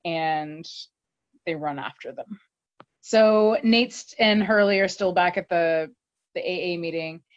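Woman, casual recap, animated storytelling, fillers, dry dull audio. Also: lowish voice, slow pace, no echo.

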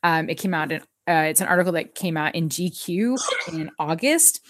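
A woman's voice: sits low, normal speed, dry recording. Chatty woman podcast host, dry sound. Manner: chatty, many fillers, reads an article aloud. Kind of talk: casual chat recapping a TV episode.

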